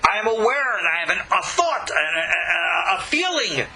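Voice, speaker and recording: A man teaching a recorded lesson, emphatic and animated, swinging his voice up and down to drive points home. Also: sits high, moderate pace, poor audio. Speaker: Kabbalah teacher.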